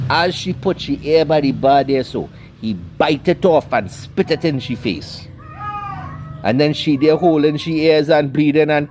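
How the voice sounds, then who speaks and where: A man's voice: a little high, expressive, measured pace, darkish tone, a little hiss or hum. A man giving a scolding, preacherly commentary rant. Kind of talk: ranting commentary monologue.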